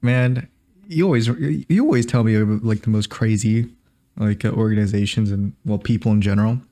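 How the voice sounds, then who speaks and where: A man's voice: lowish voice, a little fast, warm tone. Teasing, joking podcast co-host, male. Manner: joking, teasing, laughs often. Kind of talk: casual chat.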